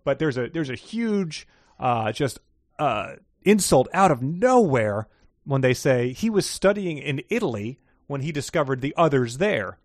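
A male co-host in a casual chat, wry and quick to joke. His voice is mid-pitched and recorded dry and close, with no room sound. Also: sing-song, no echo. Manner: wry, joking, chatty. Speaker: podcast co-host. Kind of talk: casual book discussion.

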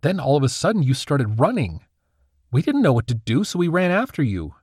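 A man's voice: on the high side, big pitch swings, a little fast, darkish tone, breathy edge, no room sound, studio quality, pitched above the performer's own voice. A man voicing an earnest teenage boy who explains things in an urgent rush. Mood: explaining.

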